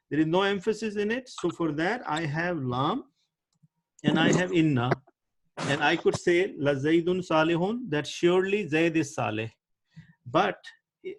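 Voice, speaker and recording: Male teacher, slightly high voice, patient, checks in with students often. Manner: explains patiently, checks understanding with "right?". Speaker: Arabic grammar teacher. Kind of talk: online class teaching.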